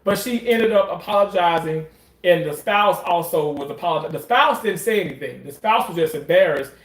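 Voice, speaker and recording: A man's voice: high-pitched, expressive, fairly quick, a bit bright, roomy sound. A man telling a story in a casual, emphatic way, swearing often and repeating phrases for effect. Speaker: commentator.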